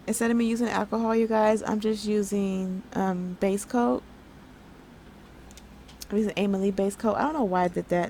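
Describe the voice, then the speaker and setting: A woman's voice: medium pitch, vocal fry, a little mellow, a little hiss or hum. A young woman chatting casually over her nail art tutorial, upbeat and full of fillers.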